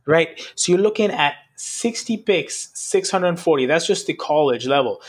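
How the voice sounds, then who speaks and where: A man's voice: on the high side, lively intonation, normal speed, slightly rough. A man co-hosting a sports podcast, chatting casually and rambling, with lots of "like" and "right?". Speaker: podcast co-host.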